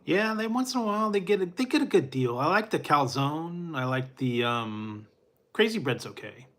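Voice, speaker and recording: A man's voice: a little high, animated, normal speed, a bit bright. A middle-aged man hosting a casual chat with his live viewers, rambling in a laid-back way with frequent chuckles and fillers. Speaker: food reviewer.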